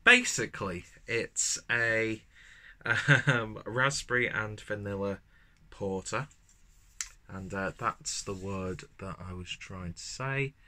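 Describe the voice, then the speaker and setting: A man's voice: lowish voice, takes it slowly, pushed and bright. A man reviewing a beer to camera at home, chatting casually with rambling asides and the odd swear word. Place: at home, indoors. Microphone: camera mic.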